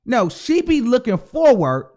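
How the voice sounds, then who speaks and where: A man's voice: extremely high pitch, unhurried. A man hosting his own show, giving a casual, profane commentary and acting out the people he talks about. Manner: animated, profane, acts out quoted voices. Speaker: host.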